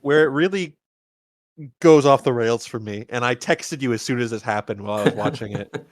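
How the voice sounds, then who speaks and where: A podcast host with a medium-pitched voice talks fairly quickly, casually retelling a movie he's rewatching. He plays out the characters' lines, stammering and restarting a lot. There's no room sound.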